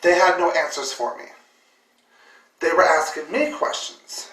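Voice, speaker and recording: Woman vlogger, rambling and emotional, bright forceful voice, recorded from a distance in an echoey room. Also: low-pitched, measured pace. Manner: emotional, full of fillers and repeated words. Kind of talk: personal storytelling. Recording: roomy echo, distant mic.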